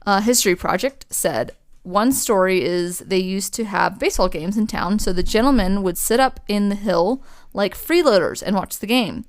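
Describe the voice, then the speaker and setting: A woman's voice: medium pitch, normal speed. A young woman co-hosting a podcast, telling a ghost story in casual chat, full of fillers and swearing. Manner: chatty, swears a lot, many fillers. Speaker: podcast co-host.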